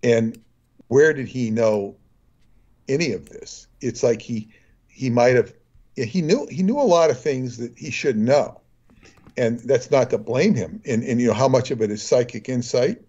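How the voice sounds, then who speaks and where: A man's voice: medium pitch, expressive, measured pace, darkish tone. Rambling male guest on dull audio. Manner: rambling, anecdotal storytelling. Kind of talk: casual chat.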